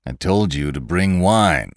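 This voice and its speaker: Give me a narrator putting on a sullen young herdsman, very deep and clipped, growled out close and dry. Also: animated, measured pace, dry recording. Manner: low, curt and growling. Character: sullen young male horse herdsman, brooding.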